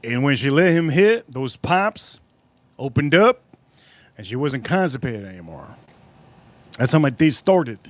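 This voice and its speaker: A man hosting a casual livestream, rambling and excitable, repeating himself as he chats. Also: mid-range voice, measured pace, pauses often, no echo. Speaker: livestream host.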